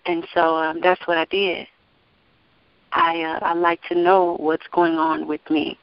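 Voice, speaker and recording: A lively woman singer speaks in an interview with lots of energy, laughing as she talks. The sound is a bit muffled and dull. The room gives almost no echo. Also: fairly low pitch, a little slow, gravelly, smooth. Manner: animated, testifying, laughs often. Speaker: gospel singer and label owner. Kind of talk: casual interview talk.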